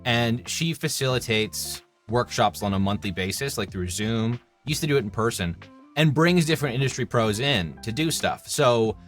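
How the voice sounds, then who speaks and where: A Canadian man in his thirties talks casually as an interview guest, spinning animated anecdotes about his work. His voice sits at a middling pitch, with faint music under it. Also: moderate pace. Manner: chatty, animated anecdotes with acted-out quotes. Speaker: voice actor guest.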